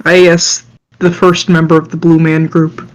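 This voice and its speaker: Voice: medium pitch, monotone, normal speed, slight background noise. A player in a tabletop game chatting in a joking, offhand way. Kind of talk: casual game chat. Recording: dull lo-fi mic.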